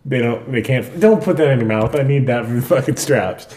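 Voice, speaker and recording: A man's voice: mid-range voice, brisk, dark tone, slight background noise. A young man hosting a casual podcast chat, joking, laughing a lot and swearing freely. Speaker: podcast host.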